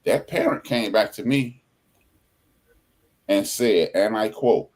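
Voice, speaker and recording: A man hosting a podcast in casual chat, telling stories in an animated way and acting out the people he quotes. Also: lowish voice, slow pace, long pauses. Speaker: podcast host.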